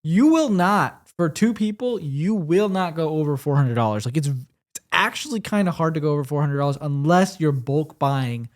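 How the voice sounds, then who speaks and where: A man's voice: on the high side, moderate pace. A man co-hosting a podcast, chatting casually and speaking directly to the listeners. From American Midwest. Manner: relaxed, rambling, addresses listeners directly. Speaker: podcast co-host. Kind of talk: casual chat.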